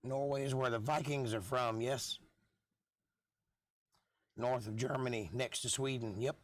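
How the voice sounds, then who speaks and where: A hoarse man hosting a live stream, chatting in a rambling, offhand and jokey way, with the odd cough. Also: medium pitch, fairly even intonation, unhurried, no room sound. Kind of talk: casual rambling chat.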